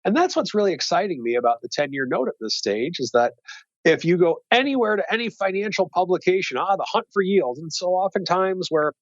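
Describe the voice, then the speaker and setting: A wealth manager talking through bond and stock markets in casual commentary, thinking aloud with many fillers and restarts. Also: male voice, sits high, animated, brisk, no room sound, lo-fi sound.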